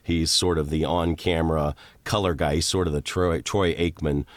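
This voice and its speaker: A middle-aged man, a voice actor, rambling through long show-business stories and breaking into quick voices. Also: extremely low pitch, no echo. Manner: rambling, animated, jumps into character voices. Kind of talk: storytelling interview guest.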